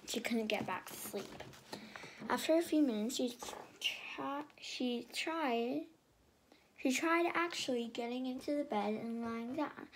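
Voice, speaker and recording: A woman's voice: a little high, a little hiss or hum. Woman reading a storybook aloud. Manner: lively, with frequent stumbles and restarts. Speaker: reader.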